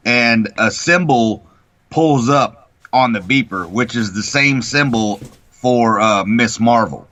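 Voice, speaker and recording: A man co-hosting a casual morning talk show, retelling a story with heavy swearing and lively energy. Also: mid-range voice, slow, no echo. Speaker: co-host. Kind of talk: profane casual chat. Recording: dull lo-fi sound.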